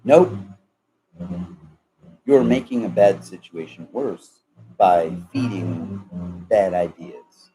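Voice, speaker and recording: A man's voice: low voice, slow pace, mellow, slight background noise, low-quality recording. A man rambling casually in a vlog, joking and laughing often as he talks. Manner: laughs a lot, drawling, joking. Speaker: vlogger.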